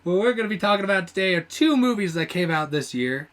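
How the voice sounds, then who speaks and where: A young man hosting a casual podcast, telling an animated story, acting out quotes loudly and laughing often. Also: high-pitched, quick pace, slight background noise. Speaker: podcast host. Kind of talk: casual chat.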